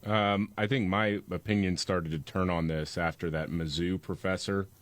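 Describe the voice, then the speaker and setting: A man's voice: deep voice, fairly even intonation, normal speed, no echo. A man co-hosting a news talk podcast, reading headlines and cutting in with sarcastic, mocking asides.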